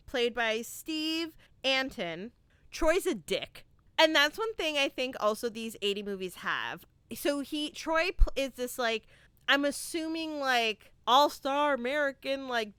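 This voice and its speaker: A woman's voice: high-pitched, clear, resonant tone, dry recording. A young woman hosting a podcast, reviewing a movie in casual chat, laughing often and acting out lines. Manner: animated, laughs often, acts out quotes. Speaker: podcast host.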